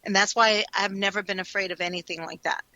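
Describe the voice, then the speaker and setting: A woman co-hosting a radio show, telling stories in an animated, expressive way. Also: mid-range voice, quick pace, dry recording, muffled recording. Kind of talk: casual chat.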